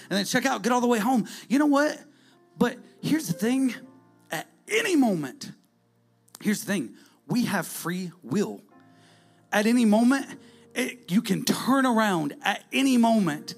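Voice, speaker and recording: A preacher with a high, gravelly voice. He delivers the sermon with lively swings between loud calls and hushed near-whispers. Soft music plays faintly behind him. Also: unhurried.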